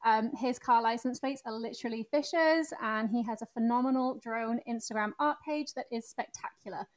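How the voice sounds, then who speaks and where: Upbeat woman podcast co-host, fairly high voice, giggly in chat. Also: normal speed.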